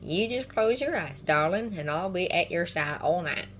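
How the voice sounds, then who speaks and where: A woman voicing a gentle, protective grown man who speaks in a soft, unhurried, comforting way. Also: lowish voice, lively intonation, a little hiss or hum. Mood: tender.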